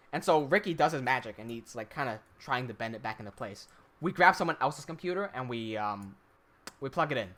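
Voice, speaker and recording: A filmmaker telling a story to camera in an animated way, swearing heavily and trailing off quietly at times. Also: male voice, medium pitch, brisk. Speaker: filmmaker and channel host.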